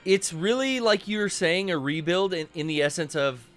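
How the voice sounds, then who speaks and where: A man co-hosting a casual chat show, quick to joke and swear. His pitch swings widely. Faint music plays underneath. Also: animated, a bit bright. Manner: jokey, swears, sudden outbursts. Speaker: co-host.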